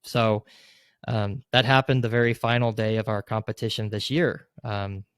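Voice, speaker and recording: A man's voice: fairly low pitch, fairly even intonation, moderate pace, smooth, no room sound, studio quality. A man guesting on a podcast, telling a sales story in a loose, rambling way full of fillers, acting out what people said to him. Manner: rambling, filler-heavy, leans on "like"; acts out quoted lines, gets loud in retelling. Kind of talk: casual interview storytelling.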